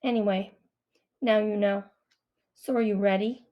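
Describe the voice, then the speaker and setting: A woman voicing a brooding, guarded young man who speaks low, slow and subdued in an audiobook. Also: fairly even intonation, mellow, natural voice. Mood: grave.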